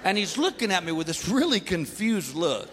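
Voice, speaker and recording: A man performing a stand-up comedy routine, telling animated family stories and acting out his son and wife. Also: sits high, normal speed. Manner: animated storytelling, acts out family members. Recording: live hall recording with loud background noise.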